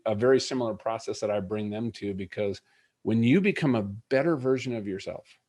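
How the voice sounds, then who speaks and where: Low-voiced middle-aged man telling a story. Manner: earnest, animated storyteller acting out dialogue. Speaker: interview guest. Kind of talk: personal storytelling in an interview.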